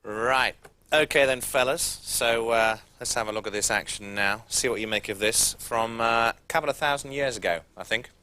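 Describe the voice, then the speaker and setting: A man voicing a smooth, suave male TV football presenter. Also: medium pitch, moderate pace, bright, forceful tone, natural voice.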